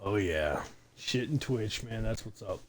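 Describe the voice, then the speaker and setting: Brash, slow-talking male streamer. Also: on the low side, lively intonation. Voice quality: profane, brash, joking. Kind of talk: casual live-stream commentary.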